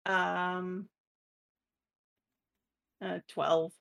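A woman talking quickly and casually as a player in a tabletop game. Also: on the low side, creaky, a bit bright. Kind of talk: casual chat.

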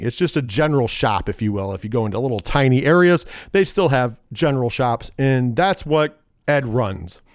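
A man talks through a film's plot in a loose, rambling way. He jumps off on side thoughts and corrects himself, with wry, profane asides. His voice sits a little high, and the sound is dry and close. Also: smooth, no echo. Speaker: movie reviewer. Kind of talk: casual film recap.

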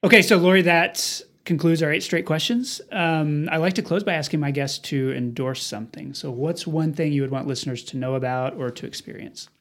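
A man hosting a podcast, asking questions and closing the episode in a relaxed, conversational way. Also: on the high side, brisk, few pauses. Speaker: podcast host. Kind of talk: interview host and outro.

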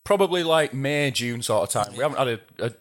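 A middle-aged man tells animated tour stories as a podcast guest, swearing casually and breaking into laughter mid-sentence. His voice sits at an ordinary middle pitch for a man. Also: a little fast. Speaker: guest, metal drummer. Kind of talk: casual interview storytelling.

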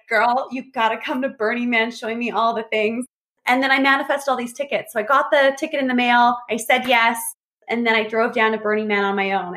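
A woman in casual conversation, telling lively stories and acting out what people said. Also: on the high side. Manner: animated storyteller, acts out quotes. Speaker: podcast guest. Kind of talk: casual chat.

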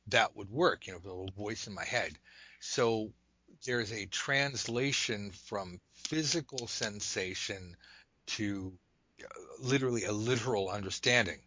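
An adult man casually demonstrating a tarot card method at a table indoors, talking in a rambling, joking way with animated asides. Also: fairly low pitch, a little slow, muffled recording, a little hiss or hum. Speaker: tarot reader teaching a method.

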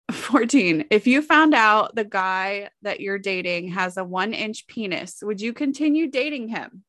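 A woman chatting candidly and reading out questions, her voice swinging up and down with plenty of fillers and quick giggles. She sounds close and dry, with no room around her. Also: mid-range voice, animated, a bit bright, no echo. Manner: giggly, frank, filler-heavy. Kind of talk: casual chat.

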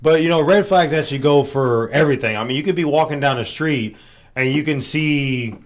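A man's voice: fairly high pitch, fairly quick. A man in casual podcast chat, rambling with fillers and the odd curse.

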